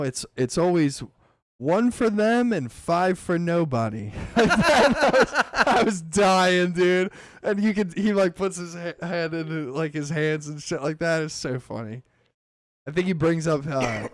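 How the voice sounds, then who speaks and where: A man hosting a podcast, telling a story in a casual chat with animated, swearing delivery. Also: on the high side, no room sound, studio quality. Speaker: podcast host.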